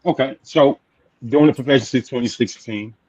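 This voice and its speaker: A man hosting a casual interview show, repeating short affirmations in a relaxed way. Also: mid-range voice, moderate pace, slightly rough, dry recording. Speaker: talk show host. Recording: dull lo-fi, dry sound.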